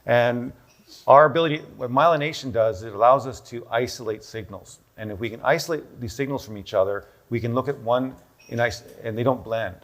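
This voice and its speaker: A doctor with a mid-range voice presents a health protocol on stage in a busy room with a live audience. Speaking briskly, he lectures and thinks aloud, frequently checking in with "okay?".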